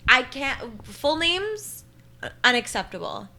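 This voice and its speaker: A woman's voice: sits high, big pitch swings, slow, bright, forceful tone. A young woman from Canada co-hosting a podcast, chatting casually and peppering her talk with "like". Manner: chatty, lots of "like" fillers. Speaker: podcast co-host. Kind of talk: casual chat.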